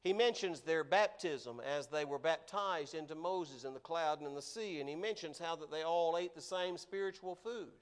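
A man delivers a sermon in a slightly high voice, earnest and emphatic, slowing down to stress the key words.

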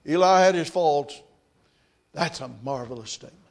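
A man preaching a sermon, reading scripture aloud and then commenting on it in quieter, reflective asides. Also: a little high, moderate pace.

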